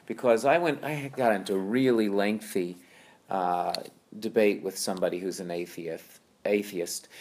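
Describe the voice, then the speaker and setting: A man explaining how to read scripture in an easygoing teaching talk, conversational and full of tag questions and fillers. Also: on the low side. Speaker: Bible teacher.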